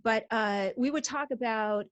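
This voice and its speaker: A woman co-hosting a relaxed interview in a chatty way, who laughs easily and often restarts her sentences. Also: on the high side, measured pace, dull audio. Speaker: co-host. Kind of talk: casual interview chat.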